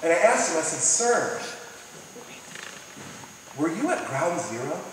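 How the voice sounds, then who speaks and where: A man's voice: on the high side, very animated, a little slow, long pauses, noisy background. A man preaching a sermon, telling stories, asking the congregation questions and acting out the people he quotes. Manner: storytelling, asks the audience questions, acts out quoted people. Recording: distant mic in an echoey hall.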